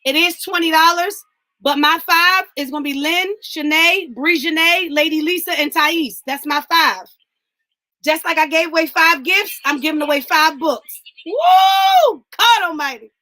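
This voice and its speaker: Exuberant high-voiced woman hosting a livestream. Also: normal speed, bright, forceful tone, low-quality recording. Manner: exuberant, preacher-like, calls out viewers by name. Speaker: host. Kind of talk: livestream talk, giveaway.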